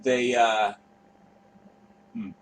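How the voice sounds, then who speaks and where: A man's voice: mid-range voice, flat delivery, very slow, low-quality recording. A man, hosting a casual online tour and rambling through a profane story with mumbled asides. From Canada. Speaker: host. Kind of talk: casual chat while touring by map screen.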